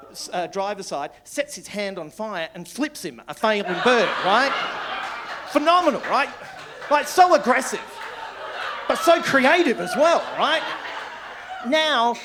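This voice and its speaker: Performing live in a small comedy club, an Australian stand-up comedian rambles through stories, tagging lines with "right?" as the audience laughs. His voice sits high, and the background is noisy.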